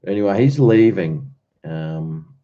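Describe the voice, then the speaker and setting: A man's voice: deep voice, animated, slow, dull audio. A man hosting a casual livestream, chatting and rambling while he answers viewers' comments. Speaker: livestream host.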